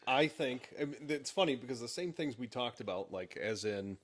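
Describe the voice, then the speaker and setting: A man's voice: mid-range voice, lively intonation. A man co-hosting a podcast in casual chat, blunt and offhand, into a mic on a stand. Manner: blunt, offhand, quick to laugh. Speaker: podcast co-host.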